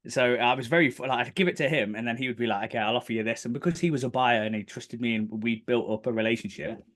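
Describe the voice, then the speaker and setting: A man, a guest on a podcast, tells his story in a relaxed, chatty way. He is animated and often jumps up in pitch to act out what people said. His voice sits at a middle pitch. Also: quick pace. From United Kingdom. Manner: animated, acts out quotes in bursts of higher pitch. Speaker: podcast guest, property developer. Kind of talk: casual storytelling interview.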